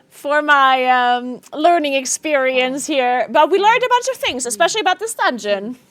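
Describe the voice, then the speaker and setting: A woman's voice: high voice, animated, a little slow, a bit bright. A woman in her thirties streaming a game, chatting casually, laughing often and swearing freely. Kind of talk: casual live-stream chat.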